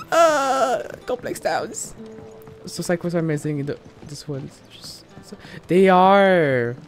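A woman streaming a video game, chatting in an excitable, giggly, rambling way. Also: lowish voice, slow, soft background music. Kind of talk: casual gameplay commentary.

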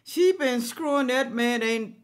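A woman's voice: sits high, a little slow. A woman hosting a reaction video, commenting indignantly and preaching to viewers.

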